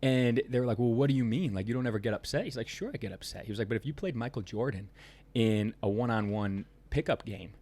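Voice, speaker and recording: A man's voice: medium pitch, fast talker, a little mellow. A man, a business owner, talking as a podcast guest in a rambling, emphatic way, full of "you know" fillers. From Ohio, United States. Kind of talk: casual podcast conversation.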